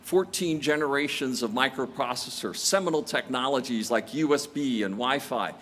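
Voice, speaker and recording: A man's voice: medium pitch, normal speed, fairly bright tone, a little hiss or hum. A man in his sixties giving a commencement address, telling stories with self-deprecating jokes. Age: 60s. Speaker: commencement speaker. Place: large outdoor graduation ceremony.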